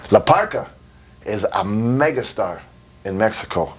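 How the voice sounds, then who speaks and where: A man's voice: lowish voice, animated, unhurried, slightly rough. A man giving a blunt, rambling interview, swearing freely and laughing between stories. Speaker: interviewee, wrestler. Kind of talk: casual profane interview. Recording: recorded in 2002.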